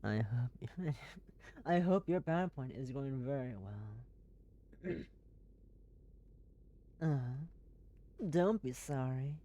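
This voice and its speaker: A game streamer chatting casually on a live stream, rambling and excitable, swearing freely, in an airy put-on voice. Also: mid-range voice, very slow, pauses often, dull audio.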